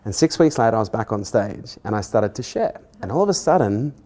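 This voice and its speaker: A middle-aged man, a podcast host earnestly telling a personal story in conversation and growing animated as he recounts it. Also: fairly low pitch, fairly quick. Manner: earnest, animated when retelling dialogue, laughs at himself.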